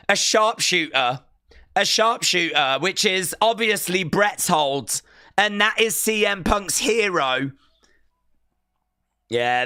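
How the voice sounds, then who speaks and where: A man hosting a live watch-along stream, reacting excitedly and repeating himself, shouting out counts and big moves. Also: high-pitched, clean tone, no room sound, clean studio sound.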